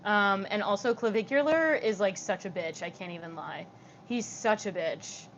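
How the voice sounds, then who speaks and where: A young woman livestreaming. She speaks with steady vocal fry, reads comments from her chat aloud and answers them with light, giggly chatter. The audio sounds slightly dull and muffled, with a faint hiss behind her voice. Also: mid-range voice, moderate pace.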